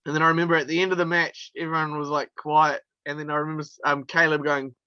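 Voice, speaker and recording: A man's voice: fairly high pitch, flat delivery, fast talker, bright, forceful tone, clear, resonant tone, no room sound, lo-fi sound. A male wrestler from New telling stories in a casual interview, chatty and laughing through his anecdotes with plenty of fillers. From New Zealand.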